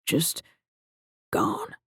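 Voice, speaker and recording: A male narrator voicing a shaken agency director who speaks in a quiet, halting, grave way. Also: dry recording, studio quality. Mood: grim.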